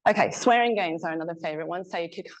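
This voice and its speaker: A woman giving a research talk to a live audience. She is chatty and animated and often laughs. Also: lowish voice, rapid-fire, highs cut off. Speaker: PhD researcher presenting her work. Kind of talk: conference presentation. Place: presentation room with a live audience.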